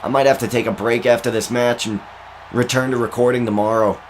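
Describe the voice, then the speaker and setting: A man giving excitable play-by-play commentary over a wrestling video game, his voice going hoarse. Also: medium pitch, a little fast, a little hiss or hum. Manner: excitable, shouts at big moves.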